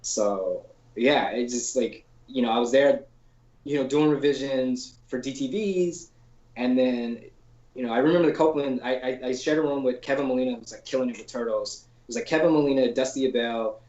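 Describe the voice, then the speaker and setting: A man's voice: medium pitch, a little fast. A man guest on a podcast, a storyboard artist telling stories in a loose, slangy way, full of "like" and casual swearing, and acting out the people he quotes. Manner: acts out quoted people in animated voices. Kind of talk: casual anecdotal storytelling in an interview. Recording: roomy, dull lo-fi call audio.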